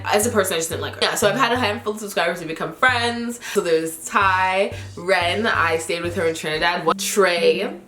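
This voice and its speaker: A woman vlogger telling stories to her viewers in a chatty, animated way, full of filler words. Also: lowish voice, echoey room. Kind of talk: casual storytelling to camera.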